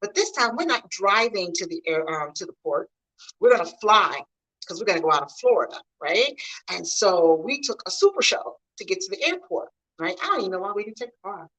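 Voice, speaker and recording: Her voice is mid-range and a little fast, captured in a rough recording. This middle-aged Mid-US vlogger casually shares stories from home, speaking straight to viewers in a chatty, animated way.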